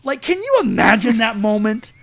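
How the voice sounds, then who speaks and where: A man hosting a podcast in a studio, an excitable storyteller who acts out scenes in casual chat. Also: extremely high pitch, normal speed. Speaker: podcast host.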